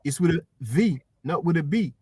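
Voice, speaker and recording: A man's voice: on the high side, lively intonation, darkish tone, slightly rough, no echo. Dry, close man explaining history. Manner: measured, explanatory, addresses listeners as brothers and sisters. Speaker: livestream host. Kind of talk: casual history discussion.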